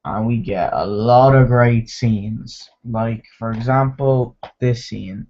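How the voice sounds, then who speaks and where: A man's voice: medium pitch, slow pace, dull audio, slight background noise. A man giving a casual spoken movie review, rambling with lots of fillers and restarts. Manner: rambling, filler-heavy, with restarts and mimicked quotes.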